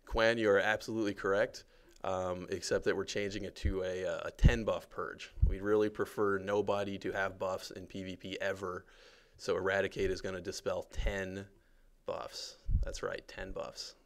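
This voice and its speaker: A man's voice: deep voice, normal speed. A man casually guiding viewers through a game on a livestream, chatty and joking, with plenty of fillers. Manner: relaxed, chatty, lots of fillers and jokes.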